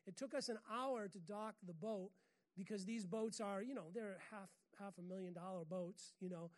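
A woman's voice: mid-range voice, normal speed. An American woman preaching a sermon in a chatty, humorous way, often laughing at her own stories. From United States.

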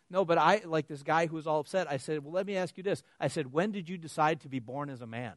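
Animated male preacher telling stories. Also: fairly high pitch, brisk, no room sound. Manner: animated storytelling with laughs, acting out dialogue. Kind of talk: sermon.

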